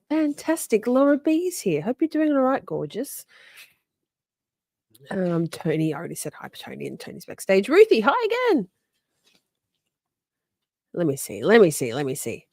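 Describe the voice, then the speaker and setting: A woman's voice: a little high, dark tone, no echo, studio quality. A woman hosting a casual livestream from home, greeting viewers by name, chatty and a bit profane. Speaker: livestream host. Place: home, with dogs nearby.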